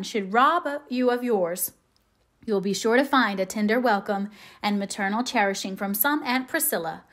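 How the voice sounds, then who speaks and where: Gentle woman reading a classic novel. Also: mid-range voice. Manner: measured, gently expressive. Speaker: audiobook reader. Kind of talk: scripted narration.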